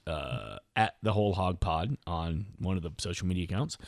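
A man co-hosting a casual podcast, telling animated stories. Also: deep voice, a little fast, gravelly, hardly any pauses, no room sound. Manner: animated storyteller, mimics his wife in a raised voice. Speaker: podcast co-host. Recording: dry close mic in basement.

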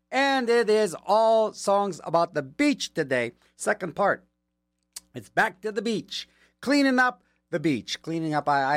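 A man's voice: fairly high pitch, fairly bright tone, dry recording. A man working as a radio DJ, chatting casually between songs with rambling, joking asides, from a studio mic.

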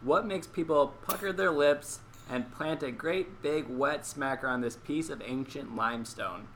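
A man acting as quiz master on a casual podcast, reading the questions out deliberately and teasing the others. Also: on the high side, a bit bright, a little hiss or hum, low-quality recording.

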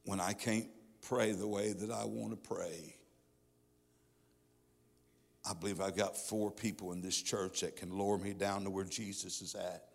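A middle-aged man preaches to his church, his voice low-pitched and gravelly. He tells his testimony with a fervent, pleading style. Long reverb from the sanctuary hangs behind every phrase. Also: fairly even intonation, moderate pace. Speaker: pastor. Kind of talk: sermon.

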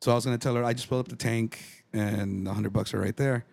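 Fast-talking man telling road stories. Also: medium pitch, creaky, no echo. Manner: animated, swears freely, acts out quoted people. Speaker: podcast guest. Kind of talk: casual storytelling chat.

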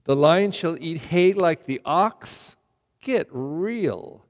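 A man's voice: a little high, slow. A middle-aged male pastor giving a blunt, emphatic sermon full of rhetorical questions during Mass. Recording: long church reverb.

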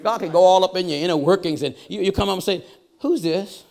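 A man's voice: high voice, vocal fry, darkish tone. A middle-aged man preaching a sermon as a guest preacher, passionate and rhythmic, with repeated refrains and "uh" lead-ins. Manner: breaks into chanted delivery with drawn-out "uh" lead-ins.

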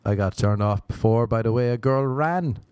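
A man's voice: medium pitch, normal speed, darkish tone, clear, resonant tone, no echo. A young man, a comedian, rambling through crude, self-mocking stories in a casual solo podcast monologue.

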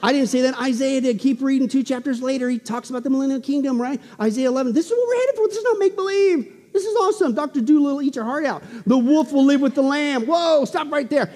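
A man preaching a sermon in an animated, emphatic way with joking asides. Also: very high-pitched, fast talker, few pauses, in a large hall.

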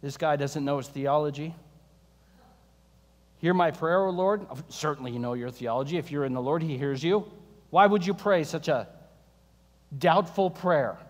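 A man preaching a sermon as pastor, conversational and animated, mixing scripture reading with sarcasm and humor. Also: on the high side, normal speed, long reverb tail.

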